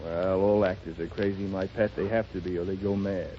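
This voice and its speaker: An actor in a 1930s radio drama playing a broke young actor who jokes, teases and stammers sheepishly. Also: male voice, low-pitched, fairly even intonation, fairly quick, lightly acted. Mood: wry. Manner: wry, stammering, teasing. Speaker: struggling actor, husband. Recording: dull 1930s radio broadcast, light hiss.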